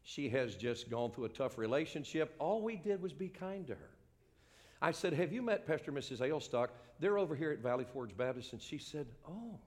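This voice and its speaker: A man in his sixties preaching a sermon as pastor, earnest, dropping to a hush and then rising to a ringing call. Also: on the high side, lively intonation, fairly quick, big-room sound.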